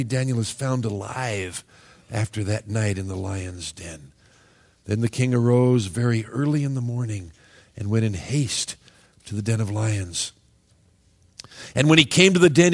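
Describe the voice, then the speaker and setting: A middle-aged pastor with a mid-range voice preaches a sermon in an animated, joking style, now and then acting out the voices of Bible figures.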